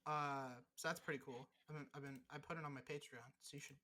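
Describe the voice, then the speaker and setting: A man's voice: fairly high pitch, steady tone, fast talker, bright, forceful tone. A man co-hosting a casual podcast, bantering while playing a game and ranting in profane, mock-angry bursts. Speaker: podcast co-host.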